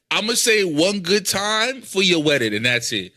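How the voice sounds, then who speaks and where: A man's voice: high-pitched, moderate pace, no room sound, studio quality. A young adult man hosting a podcast, telling stories in casual, profane chat. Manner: profane, animated storytelling. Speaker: podcast host.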